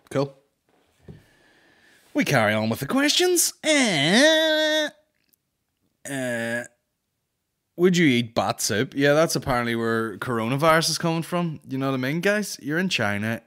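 A man's voice: medium pitch, sing-song, measured pace, long pauses, a bit bright. A man hosting a comedy podcast, chatting casually in a profane, rambling, mocking way.

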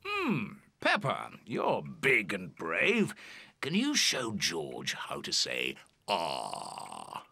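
An actor playing a kindly male bear doctor in a children's cartoon, with a soothing bedside manner and a husky, gravelly voice. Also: low-pitched, huge pitch swings, drawn-out words, bright, forceful tone, no echo, heavily acted. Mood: gentle. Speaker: cartoon character. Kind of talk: British children's cartoon voice acting.

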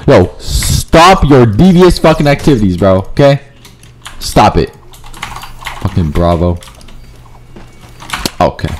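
A man giving profane live commentary over his own gameplay, muttering low and then yelping up high when things go wrong. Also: expressive, takes it slowly, pauses often, slight background noise. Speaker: gaming YouTuber.

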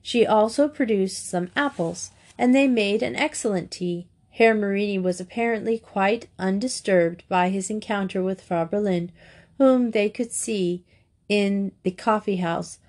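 Casting: woman, warm mellow storybook reader, steady pace. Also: medium pitch, unhurried. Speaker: audiobook reader. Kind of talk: storybook narration.

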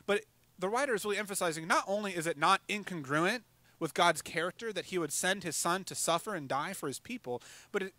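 Bright-voiced man preaching a sermon. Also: sits high, no echo. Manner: conversational preaching with fillers and quick asides. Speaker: pastor.

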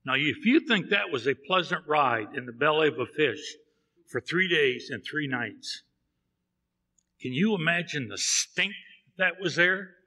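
A man with a fairly high, bright, forceful voice preaches a sermon, telling the story with feeling and voicing the characters in turn. His words ring out in a church with a long, lingering reverb. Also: animated, measured pace. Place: church sanctuary.

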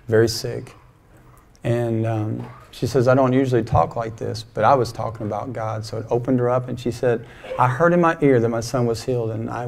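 A man's voice: medium pitch, vocal fry, darkish tone. A middle-aged man pastor telling a personal story in a folksy, conversational sermon, acting out bits of dialogue. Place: church sanctuary.

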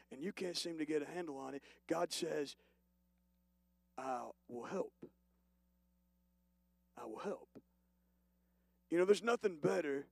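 A male pastor preaching a sermon, moving from hushed, slow passages to loud, emphatic declarations. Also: fairly high pitch, creaky, dry recording. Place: church.

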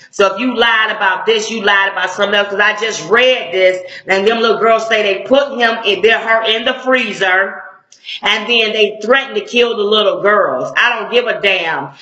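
A middle-aged woman speaking as a civil rights activist, blunt and confrontational, with slangy street talk. Her voice is forceful and sharp. It rings in an echoey room on a dull, lo-fi recording. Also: medium pitch. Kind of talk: impassioned video commentary.

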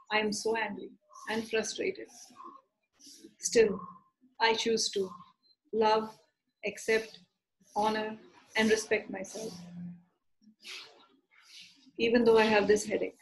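A woman, an EFT practitioner guiding a tapping session with slow, repetitive affirmations for the listener to repeat. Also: fairly high pitch, poor audio.

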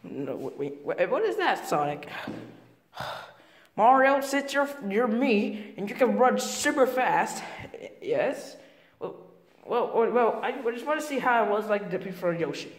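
A woman voicing characters in an improvised toy skit, excitable and stammering with frequent repeats. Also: on the high side, a little slow. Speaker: fan video puppeteer voicing characters. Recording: music playing behind. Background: music.

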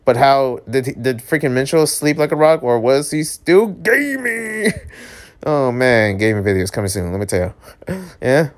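Brief: man reading a romance comic aloud, casual, jokey, animated reactions. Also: moderate pace. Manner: animated, jokey, yelps high on surprise. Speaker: channel host reading a webcomic aloud.

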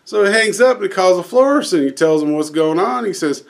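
A man's voice: high voice, lively intonation, brisk, vocal fry, hardly any pauses. Rambling man telling a dad joke. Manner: rambling storyteller with fillers, voicing the characters lightly. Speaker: host telling dad jokes.

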